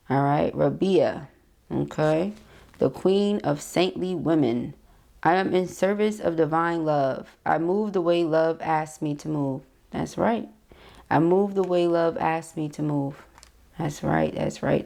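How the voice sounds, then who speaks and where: A woman leads a casual tarot reading, reading out card affirmations between friendly asides to her viewers. Her voice sits low, with a gravelly fry running through it. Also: a little mellow. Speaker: tarot reader.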